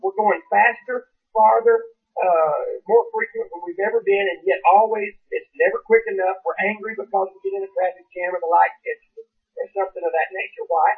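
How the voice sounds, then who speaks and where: Casting preacher, male, high voice, folksy rambling sermon, husky, distant phone-like recording. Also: fairly quick. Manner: folksy, rambling storytelling with many restarts. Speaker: pastor. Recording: far from mic, phone-like band.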